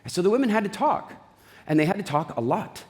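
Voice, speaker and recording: A man giving an animated, jokey talk on stage, telling stories with voiced asides. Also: sits high, fairly quick. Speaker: speaker. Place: large event hall. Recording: reverberant hall.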